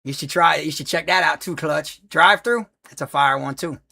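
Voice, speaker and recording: A man's voice: a little high, moderate pace, creaky, background noise. A man streaming a horror game, rambling through movie plots in loose, slangy storytelling full of restarts. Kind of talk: casual gaming stream chat.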